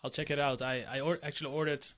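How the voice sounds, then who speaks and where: A man's voice: a little high, level tone, quick pace, fairly bright tone. A man hosting a podcast, talking earnestly with frequent restarts. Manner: earnest, many restarts and filler. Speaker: podcast host. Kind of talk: conversational interview.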